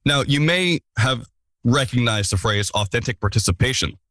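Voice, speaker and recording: Podcast host, male, mid-pitch, joking asides, dry close mic. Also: expressive, normal speed, fairly bright tone, no echo. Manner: playful, self-mocking asides. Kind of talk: casual podcast intro.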